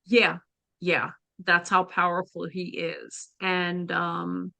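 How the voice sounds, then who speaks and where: A woman guest on a podcast telling a personal spiritual story in an earnest, halting way. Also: on the low side, little pitch movement, vocal fry, sharp tone, dry recording.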